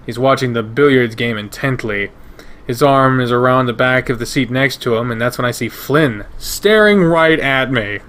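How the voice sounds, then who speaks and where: A man reading a visual novel aloud in first person, steady and measured. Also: medium pitch. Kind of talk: first-person narration of a game.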